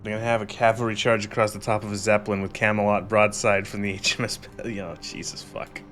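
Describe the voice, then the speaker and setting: A man's voice: fairly low pitch, level tone, fast, a bit bright. Rambling, laughing man streaming a game. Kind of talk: casual gameplay commentary.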